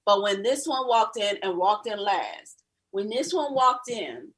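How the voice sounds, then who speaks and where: A woman guest telling a story on a podcast, animated and laughing often as she acts out the people in it. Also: mid-range voice, a little slow. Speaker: actress guest.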